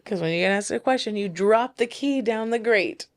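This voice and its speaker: A woman co-hosting a casual podcast chat, playful and quick to giggle as she tells stories. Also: mid-range voice. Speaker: podcast co-host.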